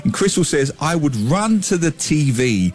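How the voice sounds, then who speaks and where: A man's voice: a little high, very animated, moderate pace, a little mellow. A man hosting, interviewing a guest conversationally and reading out listener messages. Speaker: radio host.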